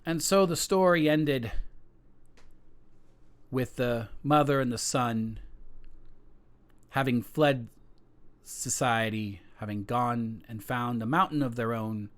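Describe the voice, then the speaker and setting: A man's voice: medium pitch, takes it slowly, long pauses. A man playing a tabletop game, telling a folk story in character as a dramatic storyteller.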